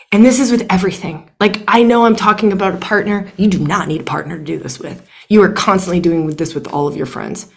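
A woman's voice: low voice, creaky. A young adult woman teaching a workshop, emphatic and blunt, swearing freely and repeating phrases for emphasis. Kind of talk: impassioned teaching talk.

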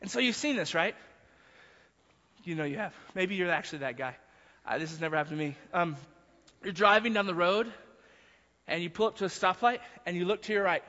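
A man's voice: high-pitched, brisk, pauses often, bright, forceful tone. A man preaching a sermon in an emphatic way, often repeating words as he builds a point. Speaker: pastor. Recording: muffled hall recording.

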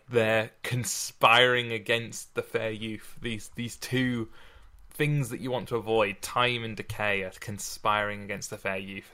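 A man's voice: on the low side, bright, forceful tone. A man co-hosting a podcast, chatting casually about poetry, often repeating words and laughing. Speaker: podcast co-host. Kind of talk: casual chat about sonnets.

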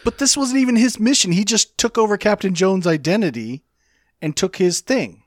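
Co-host, male, somewhat high voice, dry close sound, wry casual asides. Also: expressive, moderate pace, no echo. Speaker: podcast co-host. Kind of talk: casual chat.

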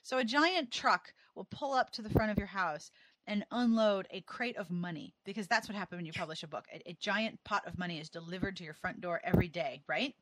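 A woman's voice: mid-range voice, fairly quick, fairly bright tone. A woman co-hosting an interview, joking and teasing in casual chat. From United States. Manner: jokey, teasing. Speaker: podcast co-host.

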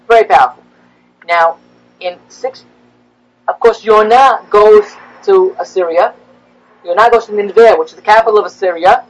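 A man, a rabbi, giving a classroom lecture, animated and rising in pitch as he acts out the prophets' complaints. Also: rough recording.

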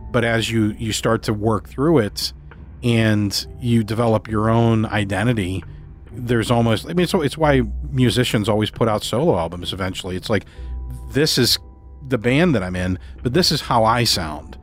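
Thoughtful low-voiced man host. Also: moderate pace, soft background music. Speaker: podcast host. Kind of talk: casual interview chat.

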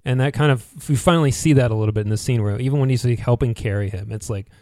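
A man co-hosting a podcast in a casual chat, animated and acting out characters' lines as he recaps. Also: medium pitch, very fast, no room sound, clean studio sound. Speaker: podcast co-host.

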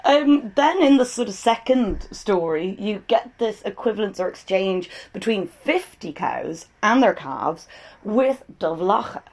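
Woman, co-host, casual chat, amused, animated retelling, laughs often. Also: mid-range voice, unhurried. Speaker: co-host discussing an old Irish tale.

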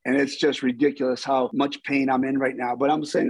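A middle-aged man, a stunt performer, telling stories in an interview with lively, acted-out dialogue. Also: medium pitch, fairly quick, no room sound, rough recording. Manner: animated, acts out quoted dialogue. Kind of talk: storytelling interview.

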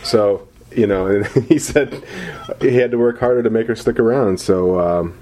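A man's voice: on the low side, dark tone, slight background noise. A man co-hosting a podcast, chatting and joking casually with many fillers and restarts. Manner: rambling, halting with many fillers. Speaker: podcast co-host.

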